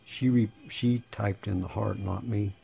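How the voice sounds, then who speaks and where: A man's voice: lowish voice, fairly even intonation, a little slow, gravelly, mellow, husky. A man in his sixties casually reading chat messages aloud, with dry sarcastic asides and a rambling way of talking. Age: 60s. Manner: rambling, repeats and restarts words. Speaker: channel host.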